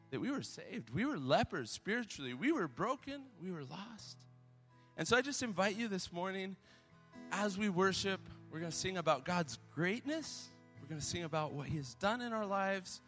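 Earnest worship leader in a reverberant church. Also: male voice, high-pitched, a bit bright. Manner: earnest, halting with fillers and restarts. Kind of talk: sermon. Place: church sanctuary. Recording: long reverb of a church hall, faint music.

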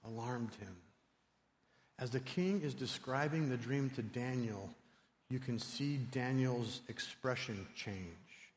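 A male preacher delivering an animated sermon, swinging from loud to hushed, in a church sanctuary. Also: medium pitch, slow pace. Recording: long reverb in a large hall.

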